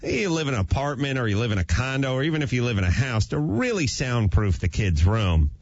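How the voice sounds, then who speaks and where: A man's voice: mid-range voice, sing-song, brisk, no room sound. Man, radio show host, playful crude joker, close dry mic, muffled broadcast quality. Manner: joking, riffs on crude gags. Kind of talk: casual radio banter. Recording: dull lo-fi radio sound.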